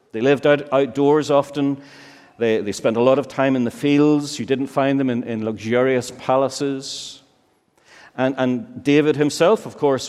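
A man preaching a sermon, slow and emphatic, with many searching rhetorical questions. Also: medium pitch, darkish tone. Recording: long reverb of a large hall.

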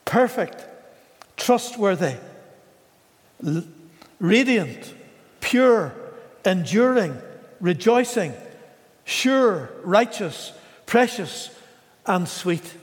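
A man preaching a sermon in a slow, measured way, with dramatic pauses. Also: high voice, lively intonation, big-room sound.

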